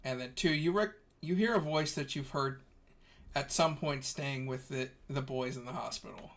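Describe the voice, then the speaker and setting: A man running a tabletop role-playing game as game master, narrating the scene in a relaxed way with restarts. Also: medium pitch, moderate pace. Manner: relaxed storytelling with fillers and restarts.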